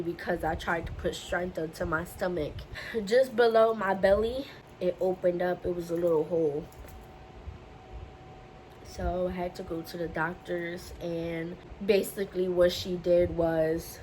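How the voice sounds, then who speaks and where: A woman's voice: lowish voice, darkish tone, rough recording. Young woman vlogger, emotional personal storytelling, faint background noise. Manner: emotional, repetitive retelling. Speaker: beauty vlogger telling her story.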